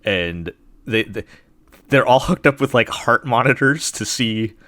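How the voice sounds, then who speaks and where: A man's voice: medium pitch, lively intonation, a little slow, fairly bright tone, no echo, studio quality. A man hosting a casual podcast chat about anime, rambling with plenty of fillers and restarts. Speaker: podcast host.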